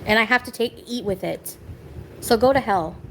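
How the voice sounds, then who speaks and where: Woman streamer, fairly high voice, rambling, bitter, snaps at chat, faint background hum. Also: normal speed. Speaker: livestreamer. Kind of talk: venting live stream chat. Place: home kitchen.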